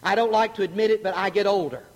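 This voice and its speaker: A middle-aged man preaching a sermon, animated and joking, asking the congregation questions. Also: high-pitched, quick pace. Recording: long hall reverb.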